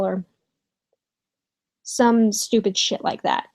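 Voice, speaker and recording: A young woman talks slowly through a personal story in her bedroom, stopping often with ums and restarts. Her pitch sits in a middle range, and her tone stays casual with the odd swear. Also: fairly even intonation, darkish tone, poor audio. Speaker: vlogger.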